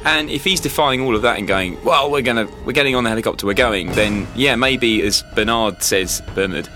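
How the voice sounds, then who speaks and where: Guy co-hosting, mid-pitched, laid back, thinking out loud, music going behind. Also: fairly quick. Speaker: podcast co-host, magazine editor. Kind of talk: casual podcast chat.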